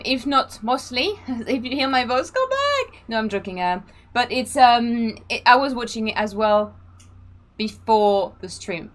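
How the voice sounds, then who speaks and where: A woman's voice: high voice, fairly bright tone. A woman hosting a casual live stream, chatting freely, laughing and reading out the chat. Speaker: streamer and sim racing host.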